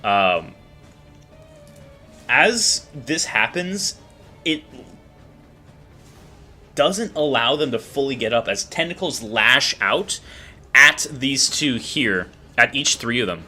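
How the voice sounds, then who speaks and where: A man running a tabletop game as game master, narrating the action in a halting way with many fillers. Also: mid-range voice, sing-song, bright, forceful tone, faint music behind.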